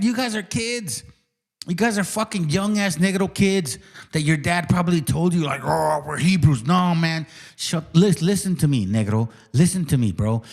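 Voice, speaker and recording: Combative man ranting, fairly high voice. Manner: combative, profane, mocking. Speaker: channel host. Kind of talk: heated livestream rant.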